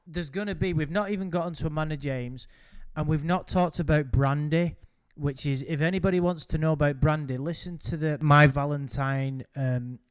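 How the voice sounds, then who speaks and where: A man's voice: fairly high pitch, steady tone, moderate pace, few pauses, clean tone, no echo, clean studio sound. A man hosting a casual chat, rambling and hesitant with frequent ums. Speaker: podcast host.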